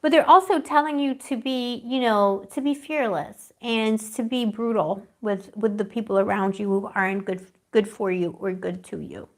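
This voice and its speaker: A woman's voice: medium pitch, normal speed, hardly any pauses, a little mellow. Rambling, affectionate woman reading tarot. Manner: rambling and affectionate, calls viewers pet names; dreamy, searching for words. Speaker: tarot reader. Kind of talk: live-streamed tarot reading.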